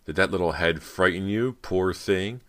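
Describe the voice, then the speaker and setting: A man's voice: low voice, normal speed, a bit bright, pitched above the performer's own voice. A man voicing a catty young actress rival in an audiobook, with a sneering, mocking delivery. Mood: gloating.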